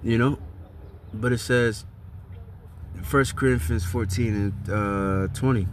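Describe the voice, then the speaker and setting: A fairly low-voiced man speaking in a loose, profane commentary, reading scripture verses and then reacting with blunt frustration. His talk is scattered with "man" and "bro." A faint hum of vehicle noise sits behind him. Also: takes it slowly, long pauses. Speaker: religious commentator.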